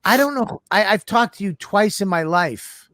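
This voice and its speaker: A man's voice: sits high, expressive, normal speed, fairly bright tone, no echo, studio quality. A man co-hosting a casual comedy podcast, ranting with profanity and sarcasm. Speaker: co-host.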